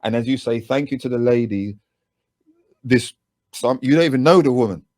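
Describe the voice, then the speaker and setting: A man with a British accent recounts stories in an animated, chatty way. His mid-range voice sounds close and dry, with no room around it. He talks as a guest in a relaxed conversation. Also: mid-range voice, moderate pace, dry recording. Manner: animated anecdotes with lively asides and laughs. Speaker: guest, music producer and voice actor. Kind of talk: casual interview storytelling.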